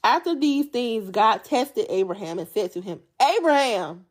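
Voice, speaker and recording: A woman's voice: medium pitch, moderate pace. A woman hosting a Bible study podcast, preaching in a casual, chatty way with slangy speech and a joking manner. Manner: animated, jokey and chatty, often laughing.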